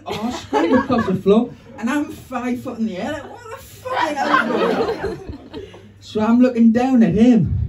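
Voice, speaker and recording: A male stand-up comedian, telling a story on a club stage with a punchy, animated delivery. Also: very high voice, noisy background. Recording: distant live club sound with audience.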